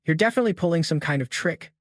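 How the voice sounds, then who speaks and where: A man voicing an arrogant, hot-headed teenage student bully who taunts and yells. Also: fairly high pitch, animated, racing, no room sound, clean studio sound, lightly acted. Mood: sneering, yelling. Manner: sneering, taunting, yelling.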